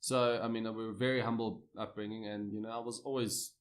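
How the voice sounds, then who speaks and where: A South African man in his thirties talks fast in a low register. He tells his stories as a guest in a casual interview. He is lively and anecdotal, often restarting his sentences. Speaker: cricketer guest.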